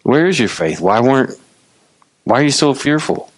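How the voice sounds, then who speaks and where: A man preaching voices a calm, unhurried Jesus who asks pointed questions. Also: mid-range voice, no room sound. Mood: questioning. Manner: relaxed, unhurried, lightly teasing. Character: calm unbothered Jesus, grown man, trusting.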